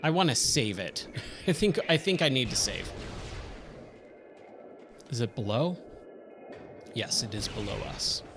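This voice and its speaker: A man with a Californian accent talks through a video game in casual let's-play commentary. His voice sits at an everyday middle pitch. He chats freely and breaks into excited surfer-slang exclamations at what he sees. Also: unhurried, long pauses, over music. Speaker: streamer; trainer at day job.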